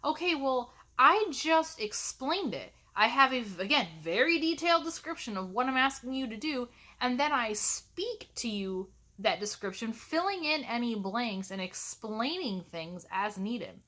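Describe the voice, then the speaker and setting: Exasperated woman teacher venting on camera, sharp bright tone, sarcastic edge. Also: a little high, animated, a little slow, hardly any pauses. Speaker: college instructor. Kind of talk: ranting vlog to camera.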